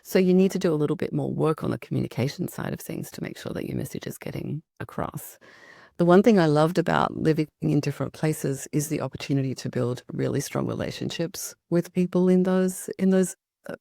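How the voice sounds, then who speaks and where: A woman's voice: low-pitched, a little fast, vocal fry, dark tone, dry recording, clean studio sound. A middle-aged Australian woman, a podcast guest, talking in an upbeat, chatty way with plenty of fillers. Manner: upbeat, talkative, frequent fillers. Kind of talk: conversational interview.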